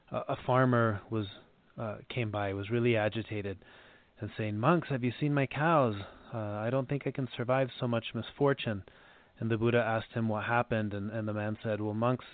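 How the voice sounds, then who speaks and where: A man sharing a short teaching story as a lay minister, calm and steady with small fillers. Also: on the low side, no room sound. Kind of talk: sermon storytelling. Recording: tinny phone-like band, dry.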